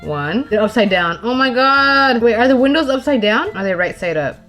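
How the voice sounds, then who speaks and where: Young woman vlogger, lively high voice with soft music under it, chatty and talking to herself. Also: normal speed. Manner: chatty, animated, talks to herself and viewers. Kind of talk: casual chat while crafting.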